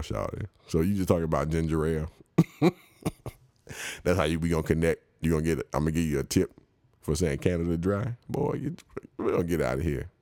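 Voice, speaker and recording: Deep gravelly man telling stories. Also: lively intonation, a little fast, darkish tone, no echo, studio quality. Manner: laughs often, slangy and rambling. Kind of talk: casual comic storytelling.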